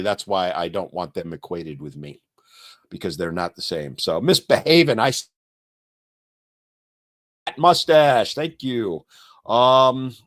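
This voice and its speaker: A man in his sixties hosting a casual live-stream Q&A, reading viewer comments and talking freely with lots of fillers. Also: low voice. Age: 60s. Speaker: channel host and activist. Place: home studio. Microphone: streaming setup.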